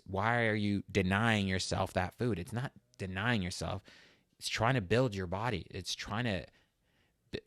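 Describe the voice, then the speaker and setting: Here a lowish-voiced man hosts a fitness talk show, telling his own story in an earnest, emotional way and getting loud and worked up about a struggle. The studio sound is clean, with no echo.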